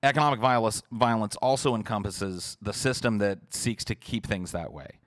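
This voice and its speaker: Ranting, profane low-voiced man. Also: normal speed, fairly bright tone, no room sound, studio quality. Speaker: podcast host. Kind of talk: livestream rant answering chat.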